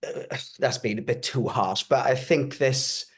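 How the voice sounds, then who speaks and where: A man's voice: medium pitch, a little slow, slightly rough. A man on a podcast panel, giving thoughtful, opinionated takes and hedging with "I think". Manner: reflective, opinionated, hedges with "I think". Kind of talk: casual podcast chat.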